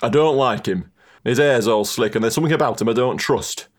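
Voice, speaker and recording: A man's voice: medium pitch, fairly quick, close to an everyday voice. Guy doing a stuffy butler, indignant, audio drama. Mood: stern. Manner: pompous, indignant. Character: pompous stern English butler, middle-aged.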